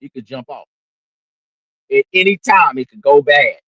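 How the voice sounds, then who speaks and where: A man's voice: mid-range voice, moderate pace, dry recording, muffled recording. A man with a slightly nasal voice, hosting a livestream and ranting unscripted in a brash, preachy way. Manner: brash, preachy, swings from loud to muttered asides. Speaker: livestream host.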